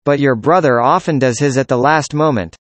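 Speaker doing practice conversation lines, plain even delivery, dry close sound. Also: mid-range voice, a little fast, no room sound. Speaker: dialogue reader.

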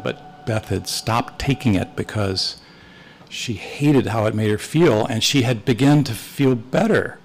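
A man's voice: fairly low pitch, unhurried, rough recording. An older man, a retired missionary priest, telling stories to a church class and acting out the dialogue. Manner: rambling anecdotal, acts out dialogue with quoted voices. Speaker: retired missionary priest teaching Sunday school. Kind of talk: storytelling talk to a church class.

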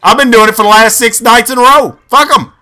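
A man hosting his gaming channel, giving excitable, profane, rambling commentary over his own gameplay. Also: extremely high pitch, fast.

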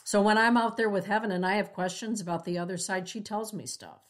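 A woman's voice: mid-range voice, brisk. A woman co-hosting a casual spiritual talk, sharing stories and affirming her guest's points. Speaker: co-host of a spiritual talk show.

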